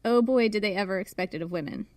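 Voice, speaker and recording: A woman's voice: medium pitch, fast talker, darkish tone, no echo, studio quality. A woman guest on a podcast, explaining history with enthusiasm and knowledge, sometimes hedging with "um". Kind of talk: casual podcast interview.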